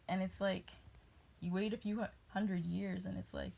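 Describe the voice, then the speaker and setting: In this casual vlog monologue, a woman from New England wanders from one tangent to the next and breaks off mid-thought. She speaks at medium pitch and normal speed with a flat delivery, her voice creaky, husky and a little mellow.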